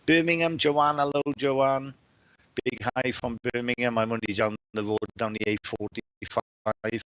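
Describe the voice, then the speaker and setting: A man's voice: mid-range voice, level tone, a little slow, a bit bright, clear, resonant tone, no room sound. Chatty Welsh-born man hosting a livestream. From Wales. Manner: chatty, repeats words and restarts often. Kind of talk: casual livestream chat greeting viewers.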